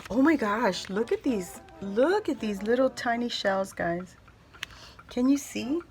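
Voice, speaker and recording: Excitable woman gushing over a package. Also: on the high side, unhurried, soft background music. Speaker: craft vlogger opening mail. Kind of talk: casual unboxing chat.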